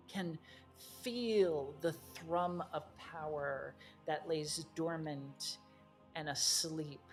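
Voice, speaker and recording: A woman narrating as game master of a tabletop game, slow and halting with fillers. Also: low voice.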